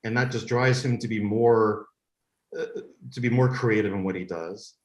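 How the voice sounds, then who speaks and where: A man's voice: fairly low pitch, moderate pace. A man who is a guest on a podcast, a series creator, telling stories with enthusiasm and frequent restarts. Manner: enthusiastic storytelling, many restarts. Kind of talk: casual podcast interview. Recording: echoey room.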